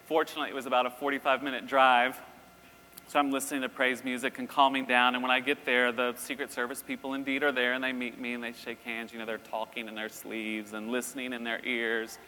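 Middle-aged guy preaching a story, bright punchy voice, big echoey hall. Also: mid-range voice, fast talker, slight background noise. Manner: animated, acts out voices in his story. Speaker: university president giving a talk. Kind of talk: storytelling sermon. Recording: long reverb in a hall, faint ambience.

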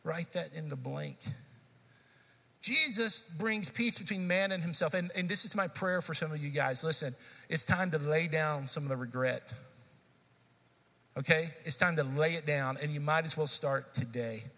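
Man, pastor, forties, bright forceful voice, a bit high, chatty storytelling sermon, reverb of a church hall. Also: moderate pace, gravelly. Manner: conversational storytelling preacher, lively and animated. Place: church sanctuary.

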